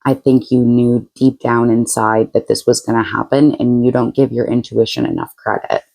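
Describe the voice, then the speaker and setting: A woman's voice: very deep voice, level tone, normal speed, gravelly, mellow, low-quality recording. A woman giving a casual tarot reading to her viewers, chatty and frank, laughing often and using blunt slang. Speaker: tarot reader.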